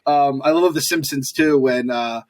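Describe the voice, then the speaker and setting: A man's voice: mid-range voice, moderate pace. A man co-hosting a podcast in loose, casual chat, swearing freely and laughing often. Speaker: podcast co-host.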